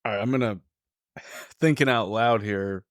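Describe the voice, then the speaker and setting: A man's voice: on the low side, moderate pace, no echo, clean studio sound. A man co-hosting a podcast, rambling and recapping in a loose, playful way. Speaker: podcast co-host. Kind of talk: casual podcast chat.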